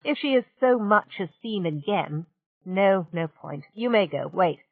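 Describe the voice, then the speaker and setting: A woman's voice: medium pitch, lively intonation, a little slow, creaky, dry recording, phone-quality sound. A woman voicing a cold, commanding male warlord who gives curt, impatient orders.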